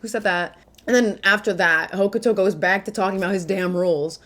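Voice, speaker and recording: A woman's voice: medium pitch, brisk, fairly bright tone. A young woman in casual video commentary as a manga reviewer, chatty and joking with lots of filler asides.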